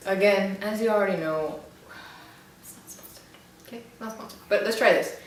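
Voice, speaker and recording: A woman's voice: mid-range voice, normal speed, recorded from a distance, a little hiss or hum. A young woman chatting casually in a rambling, self-mocking way while reviewing drinks. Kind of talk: casual chat. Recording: very echoey room, away from the mic.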